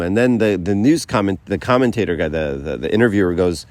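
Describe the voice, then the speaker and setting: Man, very low voice, casual teaching talk to a group, acts out quotes, checks in with "right?". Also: fairly quick, hardly any pauses, darkish tone, no room sound. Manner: conversational, many fillers and asides like "right?"; tells stories by acting out quotes. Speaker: speaker giving a faith talk.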